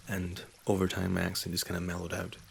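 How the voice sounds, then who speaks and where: Gravelly deep-voiced man in soft-spoken ASMR. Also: completely flat delivery, fast talker, a little hiss or hum. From England, raised in Scotland. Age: 30s. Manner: soft and low-key, slipping into whispers. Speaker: ASMR channel host. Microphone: USB condenser mic.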